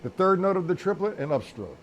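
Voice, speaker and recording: A man talks through a live-streamed drum lesson in a loose, conversational way, stopping often to count beats aloud. His voice sits a little high for a man. Steady clicking noise comes through behind him. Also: quick pace, highs cut off. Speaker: drum teacher.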